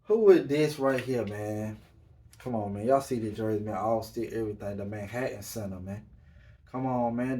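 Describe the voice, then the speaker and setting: Animated man hosting a casual podcast. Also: fairly low pitch, normal speed. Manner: loose, animated, repeats "man" and "you know what I'm saying". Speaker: podcast host. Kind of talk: casual solo podcast talk.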